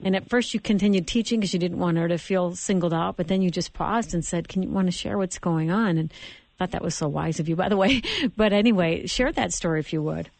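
A woman hosting a Christian radio talk show, interviewing an author with gentle, affirming murmurs. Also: fairly low pitch, a little fast, creaky, no room sound. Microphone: studio microphone.

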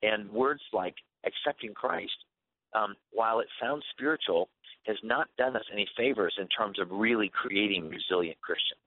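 Brief: male radio guest, somewhat low voice, earnest preaching tone, narrow phone-like sound. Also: normal speed. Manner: earnest, preachy, repeats words as he restarts. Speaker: guest author on Christian faith. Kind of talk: radio talk show interview.

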